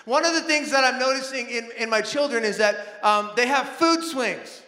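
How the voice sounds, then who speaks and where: A man in his thirties preaching a sermon in a church, animated, acting out family scenes with bursts of shouting. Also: very high voice, normal speed. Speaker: pastor. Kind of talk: sermon with storytelling. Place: large church auditorium. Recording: echoey hall with long reverb.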